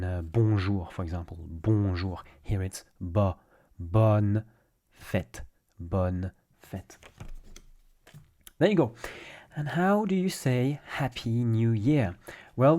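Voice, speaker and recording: A man's voice: on the low side, warm tone. A man with a French accent, a native French speaker, giving a casual pronunciation lesson and patiently repeating examples step by step. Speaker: French teacher.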